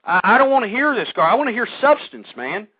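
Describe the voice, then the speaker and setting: A man with a high voice rambles through a talk radio monologue, repeating himself and working up to heated outbursts. His voice comes through a thin, phone-like line. The sound is dry and close. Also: big pitch swings, fast talker, slightly rough, dry recording. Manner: rambling, repeats words, grows loud and heated. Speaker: radio host.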